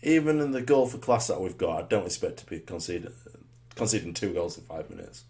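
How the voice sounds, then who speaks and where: A man giving live commentary on his own football game, muttering rhetorical asides and breaking into sudden excited shouts. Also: low voice, fairly quick.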